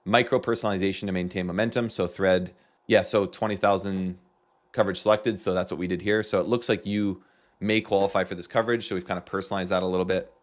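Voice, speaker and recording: A man's voice: low-pitched, steady tone, fast talker. A man with a Canadian accent, casually walking through a marketing tutorial with joking asides. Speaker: marketing coach. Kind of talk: screen-share tutorial.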